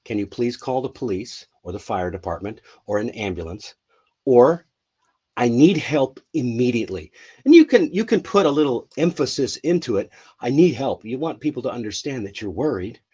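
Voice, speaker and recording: A man's voice: medium pitch, sing-song, fairly quick, dark tone, slightly rough. A man hosting a live English lesson, loose and rambling with many restarts, acting out example phrases with emphasis. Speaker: English teacher, live show host.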